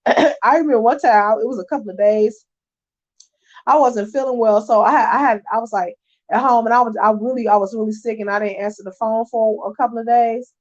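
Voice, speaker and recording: A woman's voice: a little high, brisk, a little mellow, lo-fi sound. A middle-aged woman and teacher talking casually to camera from her bed, emphatic and conversational. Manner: emphatic, conversational, keeps asking "you know what I'm saying". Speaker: early-childhood teacher. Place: resting in her bed at home.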